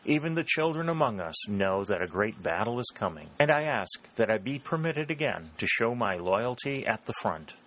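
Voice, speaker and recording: Man reading earnest young captain, formal, measured, low voice. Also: sing-song, a bit bright, slight background noise, low-quality recording. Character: earnest young Confederate captain under questioning.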